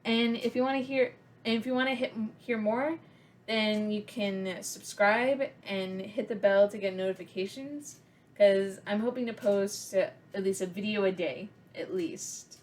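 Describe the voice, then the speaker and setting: A young woman tells a story for her vlog in a loose, rambling way. Her speech is full of "like" fillers and restarts, and her voice sits at an ordinary middle pitch. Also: measured pace, slight background noise. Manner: rambling, filler-heavy with many likes. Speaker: vlogger.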